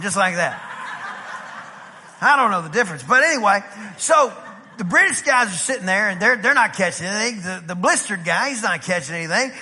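A man from East Texas with an East Texas accent, a pastor preaching a storytelling sermon and acting out the dialogue. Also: high voice. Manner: animated, acts out dialogue in the story. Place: church sanctuary. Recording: reverberant church hall.

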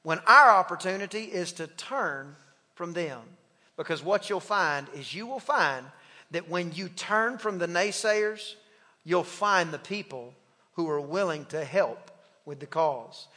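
High, bright-voiced impassioned preacher man. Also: animated, unhurried. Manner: impassioned, with repetition and call-and-response. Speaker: pastor. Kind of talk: sermon. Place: church sanctuary. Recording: long reverb of a church hall.

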